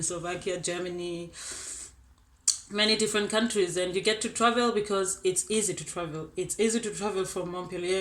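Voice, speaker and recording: A young woman from South Africa with a South African accent, giving a chatty, upbeat student testimonial. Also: mid-range voice. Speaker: exchange student. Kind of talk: casual testimonial. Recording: roomy echo.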